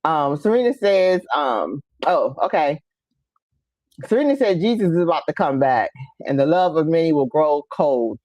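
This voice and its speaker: A woman's voice: low-pitched, animated, moderate pace, a little mellow, no room sound. A woman hosting a casual talk show, telling stories with laughter and acting out her relatives while reading viewer comments. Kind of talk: casual chat.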